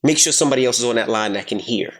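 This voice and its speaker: A man in his thirties co-hosting a casual podcast, telling a story with lots of swearing and loudly acting out the voices of the people in it. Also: medium pitch, racing. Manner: animated, profane, acts out quotes loudly. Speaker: podcast co-host.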